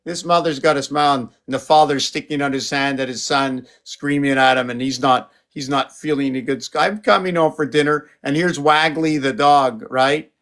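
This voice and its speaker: Artist guy on a live stream, rambly and jokey, gets all excited then mumbles, ordinary pitch. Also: moderate pace, few pauses. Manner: rambling, playful, jumps between excited exclamations and muttering. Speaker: artist showing his paintings. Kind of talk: casual live-stream chat.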